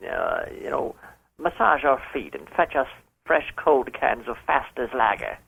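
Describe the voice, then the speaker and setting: A man's voice: mid-range voice, sing-song, unhurried, creaky, slightly rough, narrow, tinny audio, exaggerated voice. A man playing a pompous caller posing as a rock singer, speaking in a mock-formal, smug, suggestive way on a radio show. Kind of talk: comedic prank call on radio.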